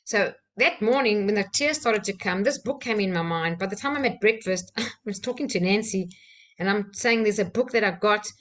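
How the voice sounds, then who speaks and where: Woman, trainer, from South Africa, candid storytelling, mid pitch, soft fillers. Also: moderate pace. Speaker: trainer sharing a personal story. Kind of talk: personal storytelling talk.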